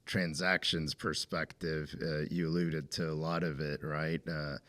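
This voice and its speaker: A man with a very low, deep voice hosts an interview podcast. He asks questions in a casual, conversational way, pausing on "uh" and "um" as he thinks. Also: flat delivery, pushed and bright. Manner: conversational, fillers "uh" and "um". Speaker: podcast host.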